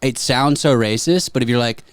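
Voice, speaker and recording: A man's voice: medium pitch, moderate pace, clear, resonant tone, no room sound. A man co-hosting a comedy podcast, telling stories and joking in a casual chat. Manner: joking, animated storytelling. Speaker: podcast co-host.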